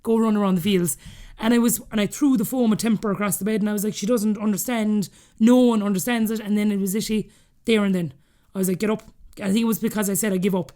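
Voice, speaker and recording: A woman in her thirties with an Irish accent, a podcast guest telling her story candidly and acting out the dialogue she quotes. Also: mid-range voice. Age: 30s. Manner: rapid, animated, acts out quoted dialogue.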